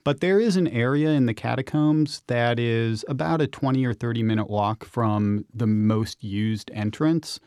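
A man's voice: mid-range voice, a little slow, hardly any pauses, a little mellow, smooth, no echo, clean studio sound. A man, an urban explorer and author, telling vivid, enthusiastic stories as a guest on a radio interview.

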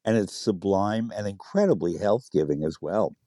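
A man's voice: on the low side, moderate pace, warm tone, dry recording, clean studio sound. A man being interviewed on the radio as an expert on Italian food, explaining dishes with enthusiasm and spelling out words.

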